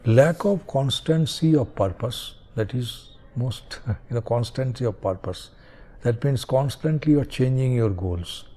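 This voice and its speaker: A man's voice: mid-range voice, unhurried, dark tone. A man giving a recorded university lecture, hesitant, with many fillers and frequent checks like "is it okay?".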